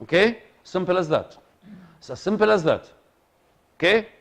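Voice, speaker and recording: A male lecturer, talking to a class in a voice that sits high for a man. He is animated and repeats his points, checking again and again that his listeners are following. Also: moderate pace. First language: Arabic. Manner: animated, repeats himself, asks the audience for agreement.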